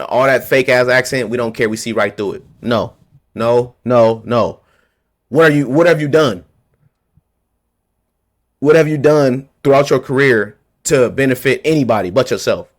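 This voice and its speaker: A vlogger with a mid-range voice rants about politics to camera at a moderate pace, leaving long pauses. He's heated and confrontational, hammering his points home by repeating them in blunt street slang.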